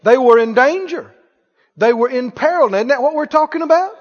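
A man's voice: very high-pitched, animated, normal speed. Male preacher, playful and emphatic, in an echoey hall with a dull recording. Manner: rhetorical questions, playful and emphatic. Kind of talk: sermon.

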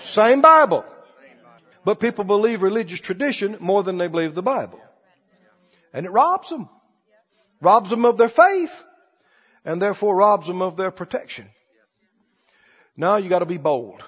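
A man with a very high, lively voice preaches with emphatic force, swinging between quiet asides and loud declarations. His tone is slightly husky, and the dull recording carries the long reverb of a big hall. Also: normal speed, pauses often. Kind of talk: sermon.

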